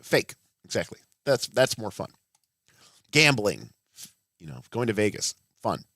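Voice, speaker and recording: A man's voice: fairly low pitch, very animated, a little slow, sharp tone, dry recording, studio quality. A man in his thirties hosting a casual livestream, rambling with blunt, profane asides and frequent restarts. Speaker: livestream host.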